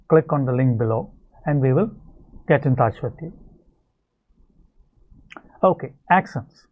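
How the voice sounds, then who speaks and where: A man teaching an English video lesson, explaining clearly and speaking straight to his viewers. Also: on the high side. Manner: explanatory, addresses viewers directly. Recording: tinny phone-like sound.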